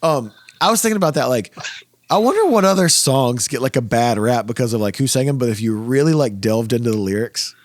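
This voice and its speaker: Male podcast host, casual and animated, lively pitch, dry close recording. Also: no echo. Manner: animated, laughing, quick asides. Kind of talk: casual chat.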